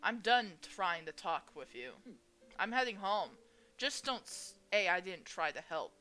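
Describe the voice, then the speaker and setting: A woman's voice: mid-range voice, sing-song, unhurried, sharp tone. A woman voicing an upset young man who scolds in clipped, hurt lines while reading a visual novel aloud. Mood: hurt, angry.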